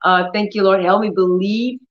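A woman's voice: mid-range voice, fairly even intonation, moderate pace. Woman, livestream healing preacher, bold commanding prayers, echoey room. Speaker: healing ministry host. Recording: roomy, dull lo-fi stream audio.

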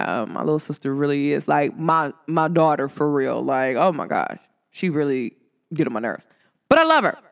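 A woman's voice: lowish voice, fairly bright tone, clean tone. A woman hosting her own talk show, chatting casually in slang, laughing through stories and firing questions at listeners. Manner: laughs while telling stories. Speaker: podcast host.

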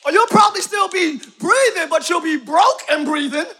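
A man preaching a live sermon in a church, shouting his points and calling on the congregation to answer. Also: very high-pitched, expressive, moderate pace. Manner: preaching with shouted emphasis and call-and-response to the congregation. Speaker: pastor. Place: church sanctuary.

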